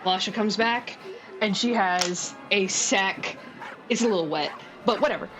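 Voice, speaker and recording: A woman's voice: medium pitch, a little slow, rough recording. A woman narrating as game master in a casual, giggly way, full of "like" and other fillers. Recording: background music.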